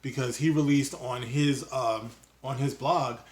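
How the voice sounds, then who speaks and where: A man's voice: mid-range voice, fairly even intonation. Male commentary host, casual monologue, mocking tone, jokey asides. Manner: loose and mocking, quick asides, sings and jokes.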